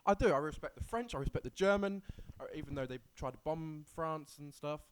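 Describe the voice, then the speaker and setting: A man co-hosting a casual podcast who giggles and blurts out remarks, dropping to mumbles between louder outbursts. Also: on the high side, fairly quick, a little hiss or hum. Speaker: podcast co-host. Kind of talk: casual chat.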